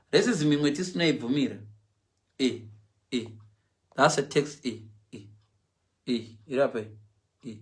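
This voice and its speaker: A middle-aged man from Zimbabwe with a Zimbabwean English accent, telling comic stories on a livestream in an animated way, mimicking other people's voices and laughing along. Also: on the high side, a little fast, pauses often. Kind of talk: animated comic storytelling, switching between Shona and English.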